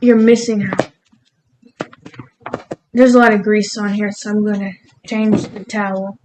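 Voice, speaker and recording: A woman's voice: medium pitch, steady tone, measured pace, background noise. A woman cooking in her home kitchen, rambling casually and laughing at herself as she talks through her recipe. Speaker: cooking vlogger. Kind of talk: casual cooking vlog chat.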